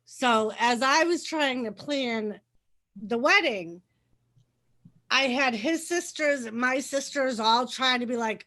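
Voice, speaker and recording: Woman, high voice, casual storytelling, laughs a lot, animated quotes. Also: slow. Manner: laughs often, acts out quotes.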